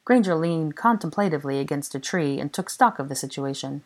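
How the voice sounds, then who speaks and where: A woman narrating a fan fiction audiobook in a measured storytelling manner. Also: low-pitched, expressive.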